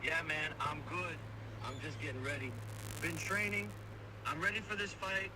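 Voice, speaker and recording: Ai clone doing a cocky young fighter dude, kinda high, slangy and boastful, sounding far off through a phone with hiss. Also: male voice, moderate pace, bright, forceful tone. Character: AI chat voice imitating a cocky young male boxer. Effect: AI voice clone played from a phone speaker. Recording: distant, noisy phone playback.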